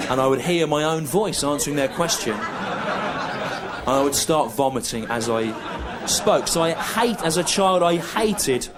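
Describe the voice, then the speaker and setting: Deadpan English stand-up comedian. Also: male voice, a little high. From England. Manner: deadpan, laid-back, repetitive delivery with self-aware asides. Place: comedy venue stage. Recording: live show recording with audience noise. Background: audience laughter and room ambience.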